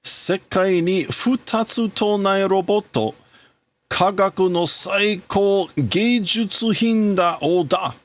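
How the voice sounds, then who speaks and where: A man's voice: high-pitched, takes it slowly, voice pushed up. Man doing a grief-stricken scientist dad. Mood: resolute. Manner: anguished, exclaiming in bursts.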